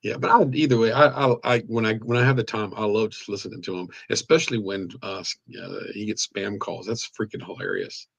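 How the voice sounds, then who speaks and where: A man's voice: on the low side, fairly even intonation, fairly quick, creaky, hardly any pauses, husky. A man co-hosting a livestream in casual chat, folksy and rambling with joking asides. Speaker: livestream co-host.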